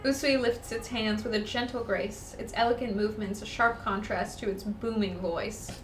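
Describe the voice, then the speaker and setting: A woman's voice: mid-range voice, normal speed, recorded from a distance. Woman reading a game aloud, off-mic echo. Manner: reads narration plainly, breaks into excited chatter. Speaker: let's-play co-host reading the game aloud. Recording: roomy echo, off-mic, faint noise.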